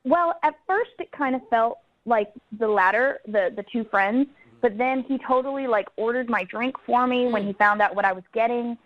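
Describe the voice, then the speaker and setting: A woman's voice: a little high, moderate pace, dry recording. A woman calling into a radio show, telling her story in a chatty, giggly way over the phone. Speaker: caller. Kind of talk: phone-in chat. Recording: dull phone-line sound.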